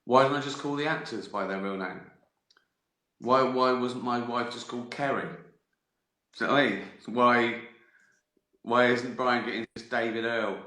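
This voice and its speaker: A man's voice: medium pitch, moderate pace, pauses often, bright, forceful tone, reverberant. A man chatting on a livestream, rambling from joke to joke, swearing freely and laughing at his own lines. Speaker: comedian answering viewers on a livestream. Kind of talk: casual livestream chat.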